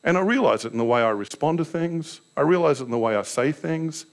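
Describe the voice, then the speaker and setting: A man's voice: a little high, lively intonation, fairly quick, creaky. A pastor preaching a sermon in a candid, self-deprecating way, telling personal stories and asking his listeners rhetorical questions.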